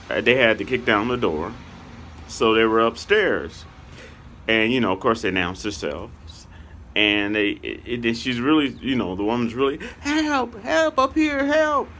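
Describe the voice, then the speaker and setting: A man from Kansas City, Missouri, tells a casual story time in an unhurried, low voice. He rambles, circles back and keeps leaning on "okay" and "you know." A faint hum sits under the talk. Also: sharp tone. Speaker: YouTuber telling a story.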